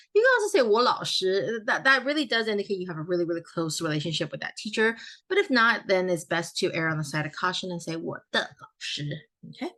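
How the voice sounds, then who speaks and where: A woman teaching a Chinese grammar lesson in a recorded walkthrough. Her voice is low-pitched but bright, and her explanations are friendly and patient. She corrects her own slips out loud as she goes.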